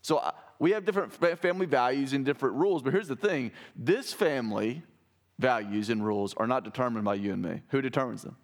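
A man's voice: medium pitch, fast talker. A man preaching a sermon in a conversational way, asking his listeners rhetorical questions. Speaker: pastor.

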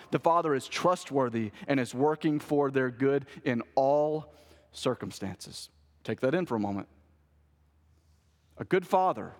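A man, a pastor, delivering an animated sermon and asking the congregation rhetorical questions. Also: a little high, big-room sound.

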